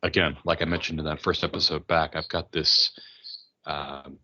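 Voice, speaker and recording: Deep-voiced man, halting and bright. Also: level tone, lo-fi sound. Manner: halting, many fillers and restarts. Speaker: podcast guest, mead maker. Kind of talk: casual conversation.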